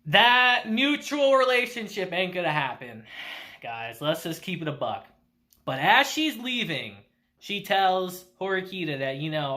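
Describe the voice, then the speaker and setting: A man's voice: high voice, pushed and bright. A man recapping an anime episode in a laid-back style, cursing and chuckling as he goes. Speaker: anime reviewer.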